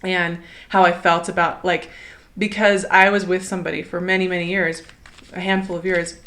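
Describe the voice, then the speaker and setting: A woman's voice: fairly low pitch, little pitch movement, moderate pace. A woman giving a casual, encouraging tarot reading, chatty and enthusiastic, often laughing and asking "right?". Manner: chatty, warm and encouraging, many "like" and "right?" fillers. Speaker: tarot reader.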